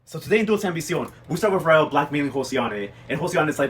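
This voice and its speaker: A man casually recapping a TV drama in a gossipy, animated way, acting out the characters' lines as he goes. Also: fairly high pitch, fast talker, few pauses, slight background noise. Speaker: host recapping a TV novela. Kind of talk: casual chat.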